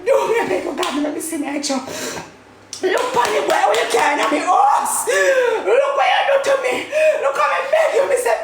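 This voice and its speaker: A woman with a Jamaican accent, a mother in a heated rant, shouting and repeating herself, laughing while she scolds. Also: very high voice, expressive, moderate pace, a crowd in the background. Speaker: mother speaking out in a dispute. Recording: echoey room with faint noise.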